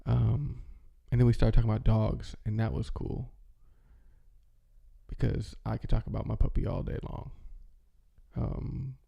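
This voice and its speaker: A man's voice: fairly low pitch, level tone, measured pace, gravelly, dull audio. A man in casual, rambling chat as a vlogger, with many fillers and restarts. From American Midwest. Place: home, with his dog nearby.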